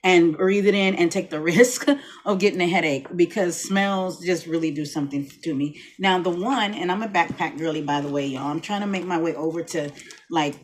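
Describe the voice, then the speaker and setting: A woman's voice: on the low side, normal speed. Chatty rambling woman vlogger. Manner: chatty, rambling, many restarts. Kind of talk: casual chat to camera. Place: home room, lights dimmed.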